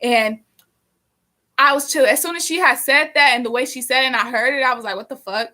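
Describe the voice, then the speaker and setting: Young woman, bright and fairly high voice, chatty live-stream storyteller, swears freely. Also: brisk. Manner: animated, profane, rambling with many fillers. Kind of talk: casual storytelling.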